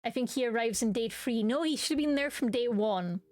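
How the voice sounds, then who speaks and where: Woman streamer reading a dating game out loud, goofy voices, kinda high, faint music behind. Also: brisk, dry recording. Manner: playful, switches into silly voices and barks. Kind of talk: reading game dialogue aloud with commentary.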